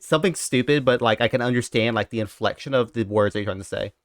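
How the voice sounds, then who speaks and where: A man's voice: medium pitch, quick pace, no echo, studio quality. A young man streaming, rambling casually and talking straight to his chat.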